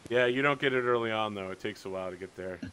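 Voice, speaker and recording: A man's voice: fairly low pitch, quick pace, sharp tone, clear, resonant tone. A man running a tabletop game as game master, chatting casually and animatedly and reading rules aloud on a voice call.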